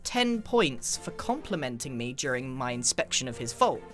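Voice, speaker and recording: A man hosting a casual gaming video, chatty and upbeat, quick to laugh. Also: mid-range voice, sing-song, fairly bright tone, soft background music. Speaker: host.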